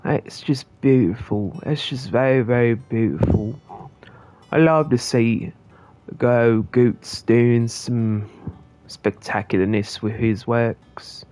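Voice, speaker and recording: A man's voice: mid-range voice, slow, darkish tone. A man streaming a game, chatting casually to viewers in a rambling, jokey way. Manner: rambling and jokey, talking to chat. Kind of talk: casual gaming commentary.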